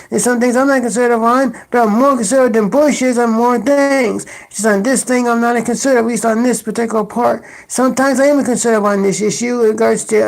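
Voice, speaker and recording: A political commentator in full rant mode, scolding and sarcastic, hammering the listener with accusations. The voice has a rough, gravelly edge and sits at a middling pitch. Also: low-quality recording.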